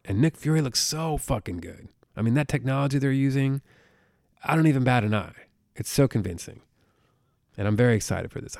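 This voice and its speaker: A man hosting a solo podcast, talking casually in an excitable, jokey, profane way. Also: medium pitch, creaky, dry recording. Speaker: podcast host. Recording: close podcast mic.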